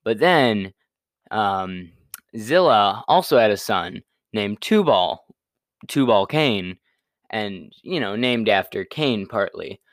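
A man's voice: fairly low pitch, expressive, takes it slowly, dry recording, clean studio sound. Laid-back young man retelling a Bible story. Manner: laid-back, slangy, full of fillers and restarts.

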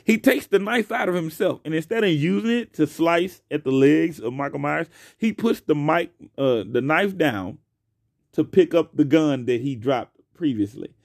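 A young man hosting his own podcast alone, talking casually and profanely into a close mic, swinging between loud outbursts and quiet asides. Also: on the high side, lively intonation, normal speed, creaky, no room sound. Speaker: podcast host. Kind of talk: casual solo podcast rant.

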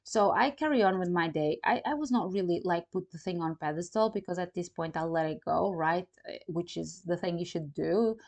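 Lively woman telling a personal story. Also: fairly low pitch, a little fast. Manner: animated, acts out quoted dialogue; non-native phrasing, fillers like "you know, like". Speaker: vlogger. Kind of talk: casual storytelling to camera.

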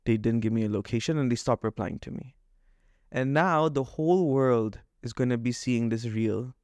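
A man's voice: mid-range voice, moderate pace, a little mellow, dry recording, studio quality. A man co-hosting a podcast, ranting with agitation about a bad purchase, acting out quoted back-and-forth exchanges. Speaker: podcast co-host. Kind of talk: casual podcast rant.

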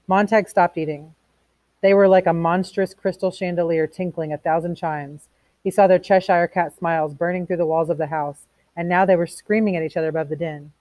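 Woman, lowish voice, dry close sound, reads a novel aloud, breaks off to explain. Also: fairly even intonation, a little fast, a little mellow, no echo. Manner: reads plainly, stops to explain in casual asides. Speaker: teacher reading a novel aloud. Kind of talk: read-aloud with commentary.

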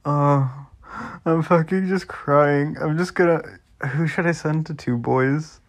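A young vlogger talks casually to his viewers in a slightly high, steady voice at a slow pace. His rambling commentary is full of free swearing, and he's giggly, repeatedly cracking up with laughter.

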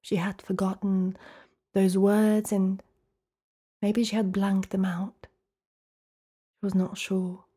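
Woman storyteller, slow and hushed, mellow tone, dramatic folktale delivery. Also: medium pitch, level tone, husky. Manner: slow, hushed and dramatic, often dropping to a whisper.

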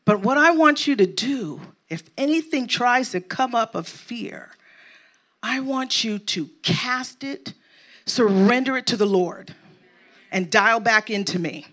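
A woman preaching a sermon in a high, bright voice. She takes her time over each phrase, lists things in an emphatic cadence and keeps checking in with the congregation. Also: animated, a little slow. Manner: rousing preacher who checks in with the crowd.

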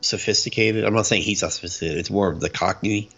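A man's voice: lowish voice, fairly even intonation, quick pace, a bit bright, breathy edge. A man in casual chat who talks animatedly and breaks into mock voices. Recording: dull lo-fi recording with faint music.

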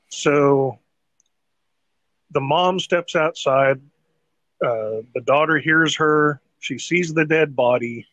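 Podcast host, male, slightly higher voice, dry close mic, loose rambling recap with swearing. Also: takes it slowly, pauses often, fairly bright tone, no room sound. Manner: rambling, profane, laughs mid-sentence. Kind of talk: casual chat recapping a TV show.

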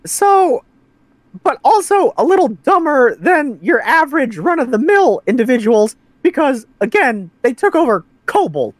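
High, lively woman player. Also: measured pace, dry recording. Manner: thinks aloud, chatty. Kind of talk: casual tabletop game chat.

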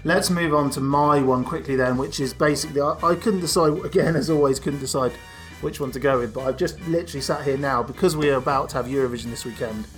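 A man's voice: medium pitch, fast, hardly any pauses, faint music behind. A British man hosting a podcast, chatting casually and rambling through a holiday story with asides. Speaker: podcast host.

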